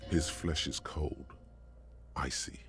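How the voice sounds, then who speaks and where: A man narrating a game in a grave, measured, gravelly voice. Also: a bass voice, steady tone, fairly bright tone, in a whisper, faint music behind, heavily acted.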